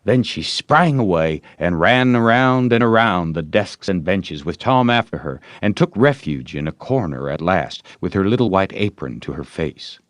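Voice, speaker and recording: A man narrating an audiobook in an animated storytelling manner. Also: deep voice, moderate pace, few pauses, no echo, studio quality.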